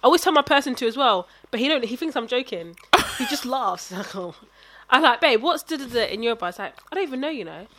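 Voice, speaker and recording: A young woman chatting casually, often laughing loudly and quoting people. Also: fairly high pitch, animated, brisk, no room sound. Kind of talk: casual chat.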